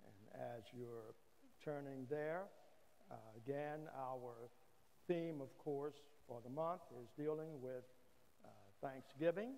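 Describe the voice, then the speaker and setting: Slow-preaching man in a reverberant church. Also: medium pitch, darkish tone, slight background noise. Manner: measured, frequent "uh" pauses, repeats key phrases. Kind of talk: sermon. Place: church sanctuary.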